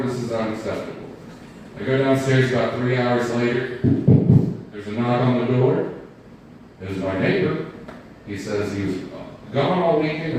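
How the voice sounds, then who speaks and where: Here a man with a mid-range, somewhat dark voice does stand-up, wandering through self-mocking material and joking with the crowd at a comedy venue. A little hiss or hum sits under the roomy, far-off live recording.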